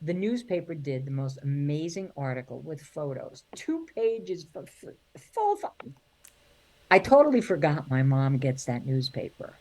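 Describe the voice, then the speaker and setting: A middle-aged woman tells stories in a fairly low voice. She slips into her relatives' voices and laughs often as she goes. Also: big pitch swings, unhurried, warm tone. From New York. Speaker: guest, singer and comedian. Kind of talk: animated storytelling interview.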